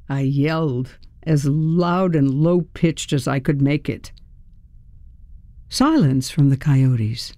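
An audiobook narrator reading a first-person story in an unhurried storytelling manner, acting out the dialogue lines. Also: medium pitch, animated, mellow, dry recording, clean studio sound.

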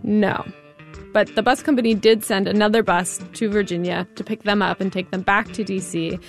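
A woman's voice: mid-range voice, steady tone, moderate pace, faint music behind. Woman casually recounting a story. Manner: casual, uses "like" often. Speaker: reporter telling a story. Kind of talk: conversational storytelling.

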